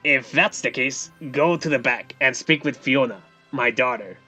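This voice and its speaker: A man's voice: mid-range voice, moderate pace, sharp tone, lo-fi sound, soft background music, close to an everyday voice. A man voicing an older male innkeeper with a scruffy voice, telling of his family inn. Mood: wistful.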